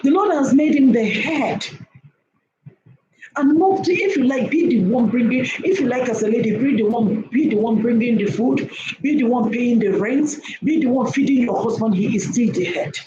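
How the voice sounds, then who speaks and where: A woman's voice: on the high side, expressive, normal speed, warm tone, lo-fi sound. A woman giving preachy relationship advice to women, emphatic and repetitive, often checking in with her listeners. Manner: emphatic, repeats herself, keeps checking in with "okay?". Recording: echoey room with faint noise.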